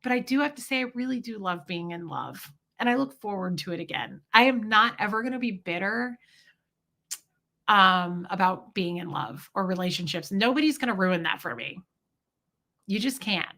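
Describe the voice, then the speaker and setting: A woman in her forties hosts a casual livestream, telling personal stories candidly and with a sassy edge. Her medium-pitched voice is bright and forceful, with lively intonation at a moderate pace.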